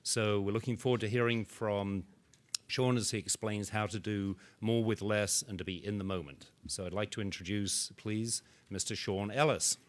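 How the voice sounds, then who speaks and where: Low-voiced man introducing a speaker. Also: steady tone, normal speed. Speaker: conference co-chair introducing the speaker. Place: conference hall. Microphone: stand microphone.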